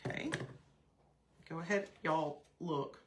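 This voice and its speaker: A woman's voice: sits low, takes it slowly, a little hiss or hum. A woman hosting a live craft stream, chatty and gushing, greeting viewers by name. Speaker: craft host.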